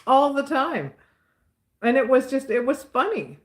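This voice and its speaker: A woman's voice: sits high, sing-song, a little slow. A woman with a Southern US accent chatting casually with her live viewers, outspoken and rambling, often repeating herself. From Southern United States. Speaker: livestream host answering chat.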